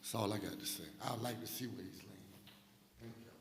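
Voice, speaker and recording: A man giving an emotional, halting public comment at a city meeting, trailing off quietly. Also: on the low side, vocal fry, very noisy.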